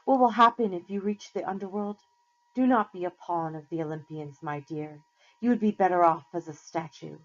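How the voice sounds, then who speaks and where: A woman's voice: on the low side, natural voice. A woman reading aloud and voicing an old female gorgon who speaks in a honeyed, coaxing way. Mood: soothing. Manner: honeyed, coaxing, slow and sugary. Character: sweet-talking old female gorgon, menacing beneath. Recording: slightly muffled lo-fi recording.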